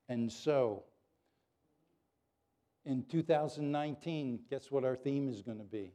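Male pastor preaching to his church, mellow warm voice, earnest and lively. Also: medium pitch, normal speed. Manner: earnest, animated preaching that drops to soft prayer. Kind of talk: sermon.

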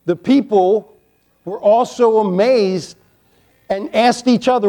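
A man's voice: sits high, slow, pauses often, mellow. A male pastor preaching a sermon, emphatic, repeating key lines and dropping playful asides to the congregation.

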